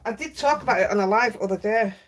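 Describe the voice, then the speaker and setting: A Yorkshire-accented woman hosts a craft livestream, chatting casually, reading out viewer comments and laughing easily. She speaks quickly at a medium pitch.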